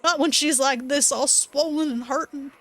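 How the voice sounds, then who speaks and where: A woman voicing a gruff older rural man, loud and folksy, fiercely protective of his chickens. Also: high-pitched, fairly even intonation, normal speed, voice pushed up. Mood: pleading. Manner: folksy, blustering, raised voice.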